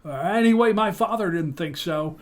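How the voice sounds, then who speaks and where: A man's voice: high-pitched, lively intonation, normal speed, voice pushed up. A podcast host putting on the voice of an earnest, defiant young man who keeps stammering and restarting, in a comic dramatic reading. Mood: indignant. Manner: stammers and restarts, pleading and indignant. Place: podcast studio.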